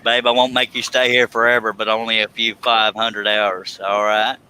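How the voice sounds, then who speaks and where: A man's voice: fairly low pitch, flat delivery, normal speed, sharp tone, a little hiss or hum, rough recording. A man hosting a live stream from his workshop, joking and affectionate in casual chat.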